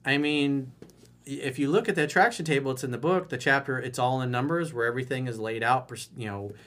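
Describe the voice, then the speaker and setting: A man's voice: mid-range voice, fairly quick, fairly bright tone. A man giving dating advice in a blunt, mocking and profane monologue. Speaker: dating coach and author.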